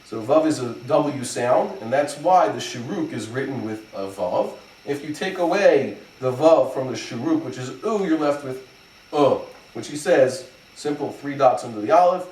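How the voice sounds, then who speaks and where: A male rabbi giving a methodical lesson on pronunciation, spelling out examples and pausing on fillers as he explains. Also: mid-range voice, animated, darkish tone, far from the mic. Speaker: rabbi teaching Hebrew pronunciation. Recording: echoey room, voice from off the mic, faint background noise.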